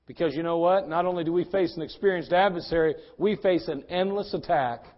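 A middle-aged man preaching a sermon in a church as pastor, swinging from fervent shouts to hushed, intimate tones. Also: fairly high pitch, a little fast. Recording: dull lo-fi sermon recording.

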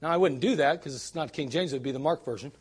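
A man's voice: fairly high pitch, quick pace, slight background noise. A man preaching a sermon at a church service, emphatic and full of rhetorical questions and sarcastic asides. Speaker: pastor.

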